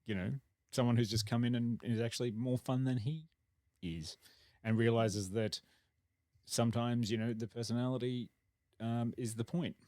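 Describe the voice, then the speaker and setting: A man's voice: mid-range voice, fairly even intonation, darkish tone, no echo, clean studio sound. Rambling man hosting a podcast. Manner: rambling, halting, lots of ums and restarts. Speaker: podcast host. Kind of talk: casual chat.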